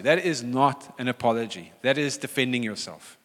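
A man's voice: medium pitch, lively intonation, a little fast, hardly any pauses, a bit bright. A middle-aged male pastor preaching a sermon, emphatic and repeating key phrases for weight. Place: church hall. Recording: church hall reverb.

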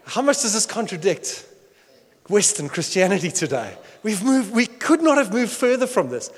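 Animated high-voiced preacher in a hall. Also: male voice, a little fast. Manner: animated, acts out quoted voices with bursts of shouting and laughter. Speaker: pastor. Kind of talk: sermon.

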